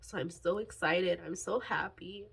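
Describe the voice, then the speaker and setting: Casual vlogger, woman in her twenties, husky tone, emotional and near tears, halting delivery. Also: fairly low pitch. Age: 20s. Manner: halting, sighing, many fillers and restarts. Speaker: budgeting vlogger. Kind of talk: candid personal vlog talk.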